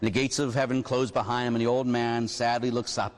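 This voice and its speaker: A man preaching at a retreat, telling a story with animated delivery and frequent rhetorical asides. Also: medium pitch, a little fast. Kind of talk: storytelling sermon. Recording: long echoing hall reverb.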